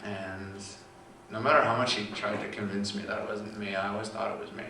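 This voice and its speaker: Soft-spoken young man, echoey distant room. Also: on the low side, steady tone, slight background noise. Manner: halting, quiet storytelling with long pauses. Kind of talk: personal testimony.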